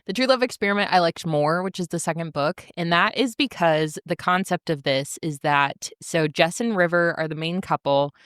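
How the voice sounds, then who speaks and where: A woman's voice: fairly low pitch, moderate pace, hardly any pauses, a bit bright, smooth, no room sound, studio quality. A woman co-hosting a podcast, chatting enthusiastically and casually, with lots of filler words. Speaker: podcast co-host. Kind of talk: casual chat.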